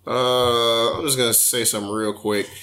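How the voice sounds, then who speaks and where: A man co-hosting a podcast, casually reading definitions aloud and commenting on them in a relaxed way. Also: medium pitch, moderate pace. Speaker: podcast co-host.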